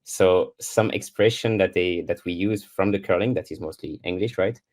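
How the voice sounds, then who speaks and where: Casting: middle-aged Swiss French man, very low voice, halting second-language English, lots of fillers and restarts, heard over a remote call. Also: darkish tone. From Switzerland. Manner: hesitant, many restarts and fillers, searching for English words. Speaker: guest curler. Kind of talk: casual podcast interview. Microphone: remote call connection.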